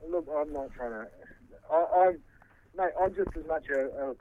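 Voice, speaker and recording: Man on a tinny phone line. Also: fairly high pitch. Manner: defensive, swearing, halting restarts. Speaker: interviewee. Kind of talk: heated phone interview.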